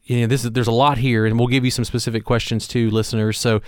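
Smooth-voiced man co-hosting a podcast. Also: medium pitch, flat delivery, fast, a little mellow, no room sound, studio quality. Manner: thoughtful, earnest, many fillers and restarts. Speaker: podcast co-host. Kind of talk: conversational leadership podcast.

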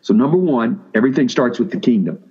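A man's voice: mid-range voice, expressive, fast, breathy edge, lo-fi sound. A man preaching a sermon to seminary students, talking casually with restarts and questions to the room. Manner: conversational preaching with frequent restarts and questions to the audience. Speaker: pastor speaking to seminary students.

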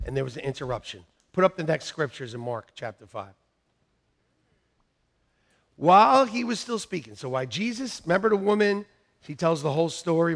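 Animated gravelly preacher, man. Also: on the high side. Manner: animated, shouting bursts and laughing asides. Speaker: pastor. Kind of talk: sermon.

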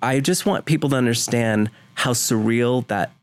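A man's voice: mid-range voice, moderate pace, no echo. A man from Vermont, a guest in a podcast interview, talking earnestly and emotionally with rambling restarts. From Vermont, USA. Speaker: guest, home video producer. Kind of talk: conversational interview.

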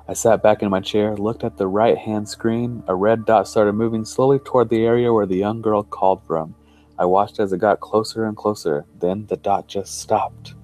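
A low-voiced man narrates a creepy first-person tale at a measured, suspense-building pace. Quiet music runs faintly beneath his voice. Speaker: podcast storyteller. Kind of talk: reading a first-person horror story.

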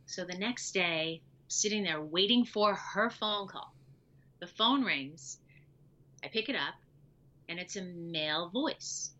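A woman tells her own story as an interview guest, slipping into the voices of the people she quotes. Her voice sits a little low but comes across bright and forceful. The recording sounds dull and lo-fi. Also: takes it slowly. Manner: animated, acts out quoted dialogue.

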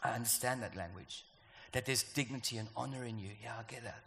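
A South African man preaching a sermon in an animated, playful way, acting out voices. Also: medium pitch, quick pace, vocal fry, slight background noise. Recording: echoey hall.

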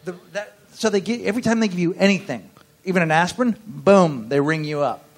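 A man's voice: high-pitched, lively intonation, fast talker. A man from the United States in casual comic podcast chat, blunt and swearing often, riffing with exaggeration.

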